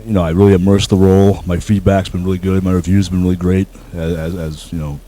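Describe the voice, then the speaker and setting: A very low, mellow-voiced man speaks as a guest in an interview. He talks about his work humbly, with frequent fillers and restarts. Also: little pitch movement, quick pace, slight background noise, low-quality recording. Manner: humble, hesitant with many fillers. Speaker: actor guest. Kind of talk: casual interview.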